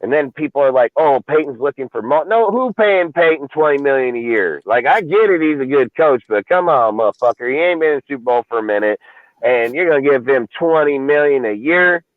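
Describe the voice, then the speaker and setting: A man's voice: medium pitch, animated, a little fast, no echo. Sports podcast host, male, profane and fired up, dry phone-quality audio. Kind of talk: casual sports talk.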